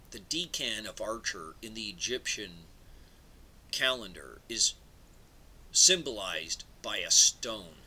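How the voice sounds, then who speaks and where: A man's voice: fairly low pitch, pushed and bright, slight background noise, rough recording. A man giving a digressive, casual talk as an astrology presenter, dropping into asides under his breath. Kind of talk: rambling casual lecture.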